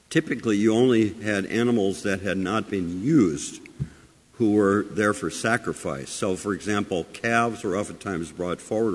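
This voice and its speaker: A man preaching a sermon with many rhetorical questions, moving between loud emphasis and quiet asides. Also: fairly low pitch, breathy edge. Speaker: pastor. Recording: long hall reverb.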